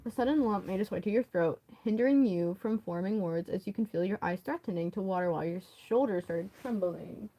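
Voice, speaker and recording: A woman's voice: medium pitch, brisk, hardly any pauses, dark tone, rough recording. A woman reading a fan story aloud, who laughs often, stumbles over words and breaks off to comment. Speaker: story reader.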